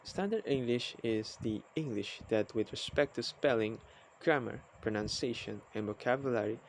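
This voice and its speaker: A man giving a recorded class lecture, reading definitions aloud in a halting, repetitive way. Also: mid-range voice, a little hiss or hum. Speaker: student presenter.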